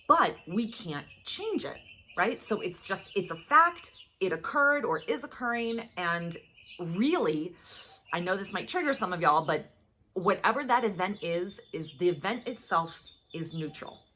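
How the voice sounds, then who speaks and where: A woman's voice: mid-range voice, a little hiss or hum. A woman life coach teaching a self-help lesson in a casual way, checking in with "okay?" and "right?" after each point and acting out her examples. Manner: acts out examples in lively voices.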